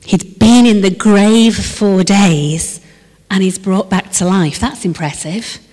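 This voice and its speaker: A woman preaching a sermon. She moves between lively emphasis and hushed, slowed reflection. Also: medium pitch. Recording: long reverb of a large hall.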